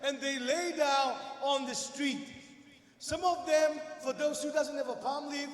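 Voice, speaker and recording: A man teaching children a Bible story, shouting prompts and speaking in broken English. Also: very high voice, steady tone, a little slow. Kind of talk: animated children's Bible lesson. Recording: echoey hall with music behind.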